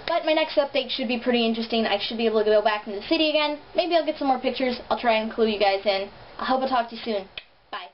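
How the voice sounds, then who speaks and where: A young woman with a slight lisp, vlogging in an animated, sarcastic, chatty way, recorded on a built-in camera mic. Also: a little high, fast talker. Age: young adult. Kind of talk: casual vlog chat. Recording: dull lo-fi camera audio, faint hiss.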